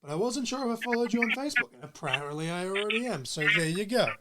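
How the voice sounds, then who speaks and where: A man's voice: high voice, animated, fast talker, heavy background noise. A man hosting a podcast interview in a chatty, jokey manner, laughing often. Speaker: podcast host. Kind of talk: casual interview chat.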